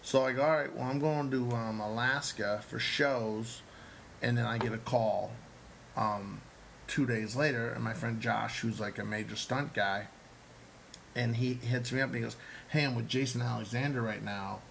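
A man's voice: medium pitch, steady tone, normal speed, vocal fry, fairly bright tone, slight background noise, poor audio. A man, an actor and comedian, telling a long story in casual chat, acting out the quotes and swearing freely.

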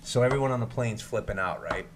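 Man, comedian guest, excitable, profane, very quick, highly animated pitch. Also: background noise. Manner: excitable, profane, acts out scenes.

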